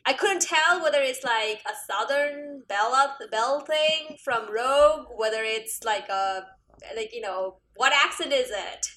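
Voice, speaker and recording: A woman's voice: sits high, measured pace, sharp tone. A woman co-hosting a comics podcast, talking in a rambling way full of fillers and laughter. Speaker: podcast co-host. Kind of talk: casual comic book chat.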